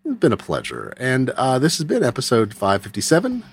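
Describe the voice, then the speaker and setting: A man's voice: medium pitch, wildly swooping pitch, fairly quick, hardly any pauses, faint music behind. A man hosting a casual tech podcast, talking in a wry, joking way full of rambling asides. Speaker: podcast host.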